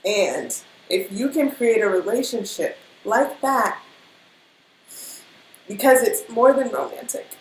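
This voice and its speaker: A woman giving a casual spiritual pep talk as a reader, emotional and animated, full of fillers and repeated phrases. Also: fairly high pitch, slow, pauses often. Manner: emotional, animated, speaks in rhythm with many fillers. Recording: echoey room with faint background noise.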